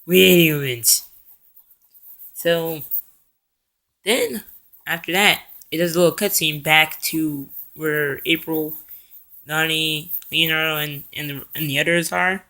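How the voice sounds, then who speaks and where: A young man with a steady, sharp, higher-pitched voice casually walks through a cartoon episode. He rambles, fills pauses, and corrects himself along the way, now and then acting out characters' lines in quick voices.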